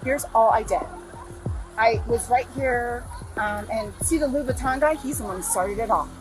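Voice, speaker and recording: A woman's voice: fairly high pitch, normal speed, over loud music, low-quality recording. A woman outdoors by a pool, arguing defensively with police and swearing, recorded on a body camera.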